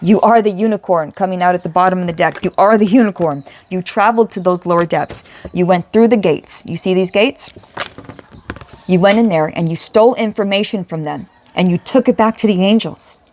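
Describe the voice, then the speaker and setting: A woman's voice: on the low side, brisk, darkish tone, a little hiss or hum. Emphatic woman giving a tarot reading. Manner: emphatic, repetitive, emotional, swears casually. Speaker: tarot reader. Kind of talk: spiritual tarot reading to camera.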